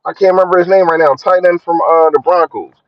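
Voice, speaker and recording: A young man chatting casually on a sports live stream, slangy and shouting out his viewers. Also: fast. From Philadelphia. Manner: slangy, shouts out viewers, lively swings in pitch. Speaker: sports vlogger. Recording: dry, dull lo-fi phone audio.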